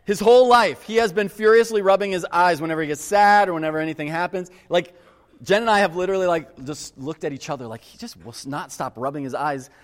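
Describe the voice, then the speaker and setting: A fairly high-voiced man preaching in an earnest, animated way and weaving a personal story into his sermon. His voice rings out with a long reverb, as if he is filling a large church hall. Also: fast. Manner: earnest, animated storyteller who addresses the crowd as guys. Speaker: pastor.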